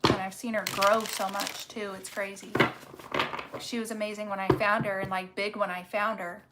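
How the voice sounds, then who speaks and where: A woman's voice: medium pitch, flat delivery, moderate pace, heavy background noise. A woman giving a casual tarot reading, blunt and emphatic, swearing freely and stretching out words for stress. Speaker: tarot reader.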